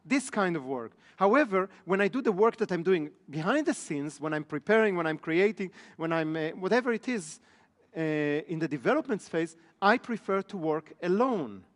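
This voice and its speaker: High-voiced male trainer in an echoey hall. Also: expressive, normal speed. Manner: asks the room frequent check questions. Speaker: business trainer. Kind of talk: live seminar lecture. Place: training room in front of an audience.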